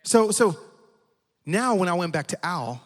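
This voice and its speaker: A man preaching a sermon as a lively, funny storyteller. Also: sits high, measured pace. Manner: animated, humorous storyteller. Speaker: pastor. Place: large church auditorium. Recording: long hall reverb.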